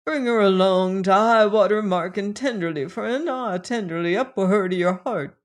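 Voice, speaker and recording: A man's voice: sits high, normal speed, lightly acted. A man doing an anguished, grieving old seaman. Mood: querulous. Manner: anguished, crying out to God. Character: grief-stricken older seaman, pious and anguished. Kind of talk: audiobook character reading.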